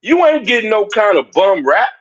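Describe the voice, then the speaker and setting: Heard through dull lo-fi stream audio, a man's high voice swings widely in pitch and carries a breathy edge at normal speed. The livestream commentator rants confrontationally, repeating himself and speaking directly to his chat.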